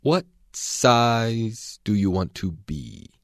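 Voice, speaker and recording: A lazy, sleepy caterpillar drawls each word slowly and sternly from atop his mushroom, as a man reads him aloud. The voice swoops widely in pitch, set low, in a dry close recording. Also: sing-song, dry recording, full character voice. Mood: languid stern. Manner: slow, drawn-out, sleepy. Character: languid stern male caterpillar smoking a hookah.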